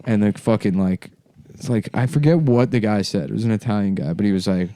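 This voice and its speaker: A man in casual comic podcast talk, musing and profane, dropping lower when making a point. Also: fairly quick, mellow. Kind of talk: casual comedic banter.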